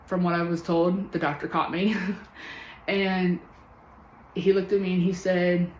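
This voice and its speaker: A woman in her thirties telling her own story to camera in an earnest, candid way, with many pauses. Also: fairly low pitch, level tone, darkish tone. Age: 30s. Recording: roomy echo with faint background hum.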